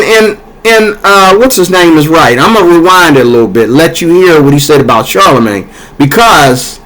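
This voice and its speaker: High-voiced man ranting heatedly. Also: fairly bright tone, low-quality recording. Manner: heated, repetitive, talks to viewers directly. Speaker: commentator. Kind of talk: casual ranting commentary.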